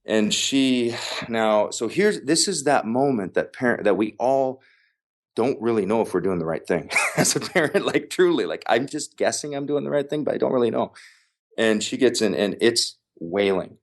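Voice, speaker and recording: A man, a podcast guest, telling a family story in casual conversation, animated and emphatic, repeating phrases for effect. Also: medium pitch, normal speed.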